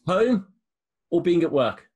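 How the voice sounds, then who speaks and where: A male interviewer with a slightly husky, fairly high voice. He fires off quick either-or questions and teases his guest in a relaxed chat. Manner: teasing, joking. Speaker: interviewer, academic. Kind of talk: casual interview.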